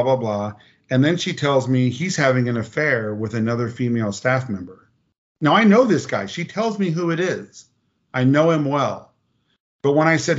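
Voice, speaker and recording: A man telling personal stories in a casual podcast chat, animated and blunt, acting out quotes and swearing freely. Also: mid-range voice, dull audio. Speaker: podcast guest.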